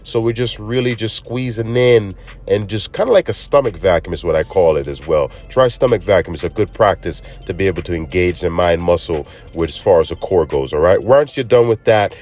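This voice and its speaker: A man's voice: low-pitched, brisk, a little mellow. A man giving a laid-back workout lesson, congested from allergies and often tagging lines with "man" and "all right?". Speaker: fitness trainer. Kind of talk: casual workout instruction.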